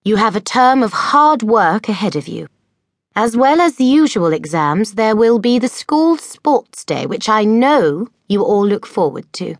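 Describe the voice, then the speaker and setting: A woman voicing a kindly, fussy older headmistress who speaks in a beaming, gently formal way. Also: medium pitch, big pitch swings, measured pace, dry recording, clean studio sound, pitched above the performer's own voice. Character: kindly fussy elderly headmistress, short and plump.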